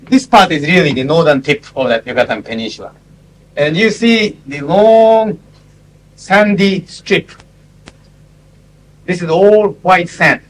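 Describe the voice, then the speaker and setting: Man, 50s, classroom lecture, halting and explanatory, slightly higher voice. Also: slight background noise, rough recording. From Japan. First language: Japanese. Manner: explanatory, halting, with frequent pauses and asides. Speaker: lecturer on interpreting. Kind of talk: classroom lecture with visual aids.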